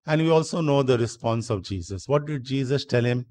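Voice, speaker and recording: A man preaching a sermon in a church, explaining slowly, repeating himself and asking rhetorical questions. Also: medium pitch, expressive, a little mellow. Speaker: priest.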